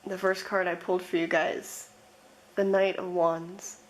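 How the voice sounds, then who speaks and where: A woman's voice: on the low side, little pitch movement, low-quality recording. A woman giving a pick-a-card tarot reading, speaking in a reflective, emotional way. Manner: slow, emotional, reflective, with laughs. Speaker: tarot reader.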